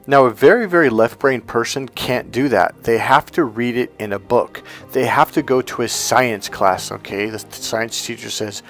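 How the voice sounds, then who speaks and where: A man's voice: mid-range voice, a little fast, hardly any pauses. Chatty man telling stories over faint music. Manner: chatty, animated storytelling with acted-out quotes. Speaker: self-help coach. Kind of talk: casual talking-head advice.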